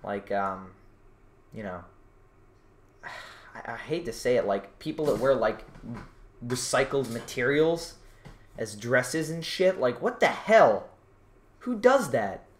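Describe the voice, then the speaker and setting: A man's voice: mid-range voice, big pitch swings, slow, pauses often, slight background noise. A man performing his own stand-up comedy for a video channel, with a mid-range voice. He talks in a loose, rambling way, often restarting sentences. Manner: rambling, many fillers and restarts. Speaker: vlogger doing stand-up. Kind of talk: self-written stand-up comedy monologue.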